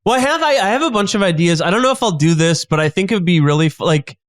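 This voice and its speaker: A man's voice: high voice, lively intonation, racing, no room sound. A man who is a guest comedian on a casual comedy podcast, talking in a rambling, self-interrupting way on a close mic.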